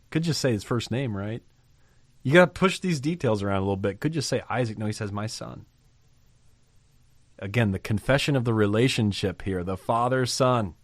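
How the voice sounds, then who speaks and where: A man's voice: lowish voice, dry recording. A man teaching a Bible passage, reading verses aloud and commenting on them conversationally.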